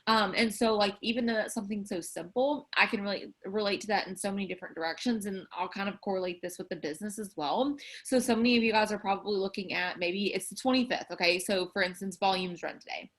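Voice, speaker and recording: A woman's voice: mid-range voice, a little fast, fairly bright tone. Brief: young woman, earnest devotional talk, chatty with filler words, video call sound. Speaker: team leader hosting a prayer call. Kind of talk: casual devotional talk, reading aloud.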